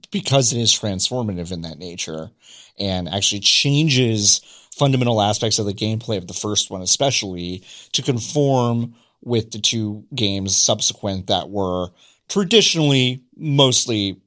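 A man chatting casually and candidly, getting excited and swearing now and then. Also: lowish voice, moderate pace. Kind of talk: casual chat.

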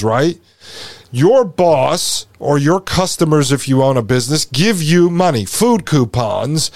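A man with a fairly high voice hosts a podcast, talking over a video in an emphatic, insistent way. He repeats his points and drops in sarcastic remarks. The sound is dry and close, with no room echo. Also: darkish tone. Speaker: podcast host. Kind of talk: commentary over a played video.

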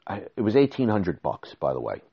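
Animated storytelling man, lo-fi sound. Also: gravelly, husky. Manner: animated, quick, acts out quotes with sudden high exclamations. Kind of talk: casual storytelling.

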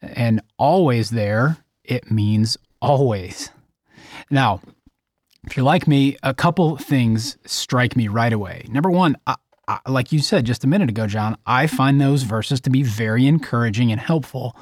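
A man's voice: medium pitch, unhurried, dry recording. A man with a mid-range voice hosts a faith podcast in a candid, searching way. He puts open questions to his co-hosts. The sound is dry and close-miked. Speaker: podcast co-host. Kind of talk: conversational faith discussion.

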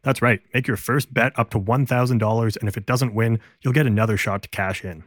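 A man's voice: mid-range voice, fairly even intonation, fairly quick, no room sound, studio quality. A man reading a sponsor advertisement in an upbeat, polished sales delivery. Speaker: ad reader.

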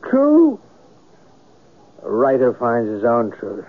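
An actor playing a writer who narrates his own tale in a radio drama, measured and wry. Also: mid-range voice, animated, husky. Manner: measured storytelling, wry and evasive in talk. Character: middle-aged writer telling his own story. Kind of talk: 1970s radio drama acting. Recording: lo-fi old radio broadcast with faint hiss.

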